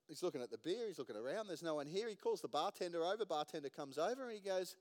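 Male pastor, sermon, high lively voice, joking, long echoing reverb of a hall. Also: fast talker, hardly any pauses. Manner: joking, laughs at his own jokes. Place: church hall.

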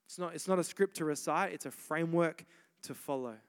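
A young Australian man preaches with lively energy, his fairly high, smooth and resonant voice ringing out across a large church hall. He repeats phrases and stumbles eagerly into restarts, urging listeners on. The long reverb of the room trails after each line. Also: brisk. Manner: energetic, repeats himself, exhorting "come on". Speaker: pastor. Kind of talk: sermon.

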